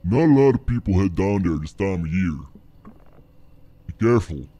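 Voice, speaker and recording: An actor voicing a grim older gas station attendant in a horror game, giving warnings in a slow, ominous drawl. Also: male voice, low-pitched, expressive, mellow.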